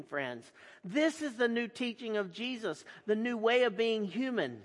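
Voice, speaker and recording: A pastor delivering a sermon in a deliberate, emphatic way with repeated phrases. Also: male voice, high voice, a bit bright. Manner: slow, deliberate and emphatic, with repetition. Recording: long hall reverb.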